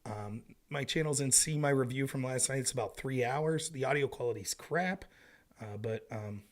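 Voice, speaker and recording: A man's voice: mid-range voice, moderate pace. A man hosting a casual livestream of political commentary from home, talking in an emphatic, conversational way.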